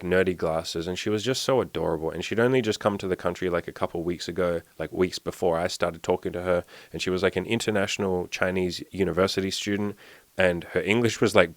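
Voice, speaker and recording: A man's voice: deep voice, brisk, no room sound. A young man, a dating and self-improvement coach, telling a story in a loose, rambling way full of "like" fillers. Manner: rambling, heavy use of "like" fillers. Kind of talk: casual storytelling monologue.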